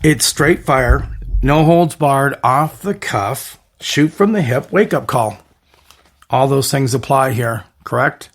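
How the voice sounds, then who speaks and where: A man hosting his own podcast, rambling through an energetic monologue full of catchphrase lists and restarts. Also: medium pitch, takes it slowly. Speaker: podcast host.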